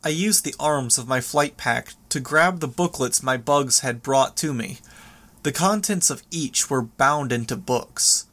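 A man narrates a first-person audiobook at a steady, measured pace. His voice sits in an ordinary middle pitch, calm and even throughout the telling.

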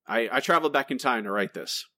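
Brief: lively male podcast co-host, sarcastic and incredulous, dry close mic. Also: mid-range voice, quick pace, no echo. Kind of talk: casual chat.

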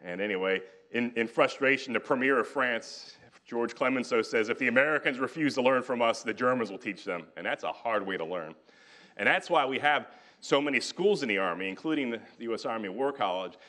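A guest lecturer delivers a military history talk to a live audience, speaking conversationally with joking asides and loose paraphrases of historical figures. His voice is on the low side and a bit bright.

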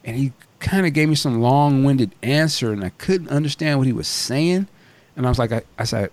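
Male podcast host, casual and profane anecdote teller, mid pitch, dry close sound. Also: moderate pace, a little mellow, dry recording. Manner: blunt, profane storyteller.

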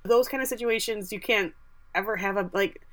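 A woman's voice: medium pitch, moderate pace, fairly bright tone. A woman co-hosting a podcast, casually retelling a TV episode with lots of quoted asides and filler words. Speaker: podcast co-host. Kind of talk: casual recap chat.

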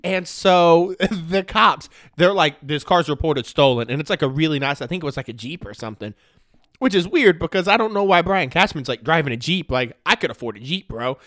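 Slangy, fired-up young sports ranter. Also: male voice, a little high, brisk, no room sound, studio quality. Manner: animated, jokey, slangy with lots of "man" and "dude". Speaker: sports talk host. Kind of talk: casual sports rant. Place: at home in front of his computer.

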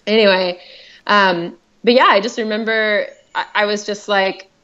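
A woman's voice: mid-range voice, steady tone, measured pace, fairly bright tone, smooth, muffled recording. A woman telling her own story as a podcast guest, chatty and heartfelt, with many fillers and restarts. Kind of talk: personal storytelling.

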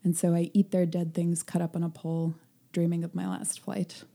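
A woman reading aloud the quiet, wistful words of an old, wise male bird held on a chain, from a novel. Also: fairly low pitch, flat delivery, moderate pace, creaky.

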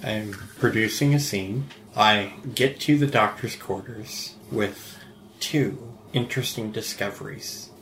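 A man's voice: fairly low pitch, slow, a bit bright, slight background noise. A man playing a tabletop game, setting up a scene matter-of-factly. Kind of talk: casual game chat. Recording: roomy.

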